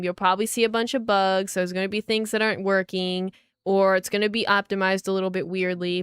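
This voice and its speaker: A young woman livestreaming a game launch, chatting excitedly to her viewers and calling them guys. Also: medium pitch, smooth, no echo. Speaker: livestreaming gamer. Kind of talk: casual livestream chat.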